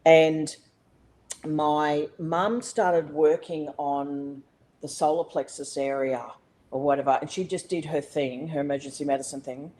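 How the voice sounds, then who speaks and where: Middle-aged Australian woman guest, low-pitched, animated and profane, rambling conversational telling. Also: unhurried, poor audio. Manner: animated, profane, frequent restarts and fillers. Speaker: podcast guest. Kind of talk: casual conversational storytelling.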